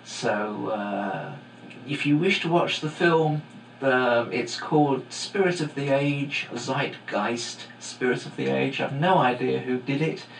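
A man's voice: medium pitch, slow pace, vocal fry. A middle-aged man hosting a podcast, talking in a casual, digressive way with many fillers. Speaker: podcast host and teacher. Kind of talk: rambling podcast monologue. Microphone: home microphone. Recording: echoey room, faint hum.

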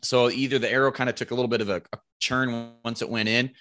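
A man guesting on a podcast, telling a hunting story in a casual, animated way, acting out what people said and swearing freely. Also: medium pitch, fast talker. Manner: animated, acts out quoted lines, swears casually. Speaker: podcast guest, bow hunter.

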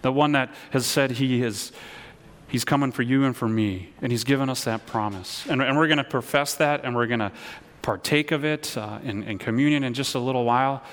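A man's voice: medium pitch, a little fast, fairly bright tone. Male pastor, earnest sermon delivery with call-and-response, in a hall with long reverb. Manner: earnest, repeats words, leads call-and-response.

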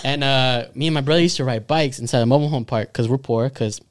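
Smooth-voiced young man telling stories. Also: medium pitch, fast talker. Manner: profane, animated, laughs often. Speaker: podcast co-host. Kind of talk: casual chat, storytelling.

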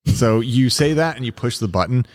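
A man's voice: medium pitch, animated, moderate pace. Joking man running a tabletop game. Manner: casual, joking. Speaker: game master.

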